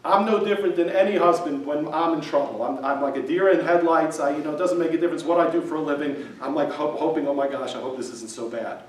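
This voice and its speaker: A man's voice: on the high side, fast, hardly any pauses, slight background noise. A man giving a casual lecture to a class, talking in a conversational way and often checking in with his listeners. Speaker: class teacher. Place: synagogue hall. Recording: echoey room, mic far off.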